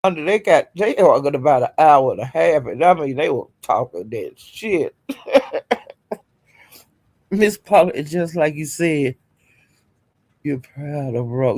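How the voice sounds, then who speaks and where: A man's voice: fairly high pitch, expressive, unhurried, long pauses, a little mellow. A man hosting his own livestream and telling gossip to his chat. He laughs often and keeps calling his viewers "y'all", "honey" and "child". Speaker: livestream host. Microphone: home streaming setup.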